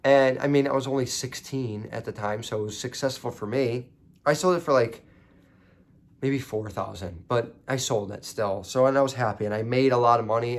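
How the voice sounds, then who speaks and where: A young man telling a story as a podcast host, casual and profane, rising into indignant ranting. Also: mid-range voice.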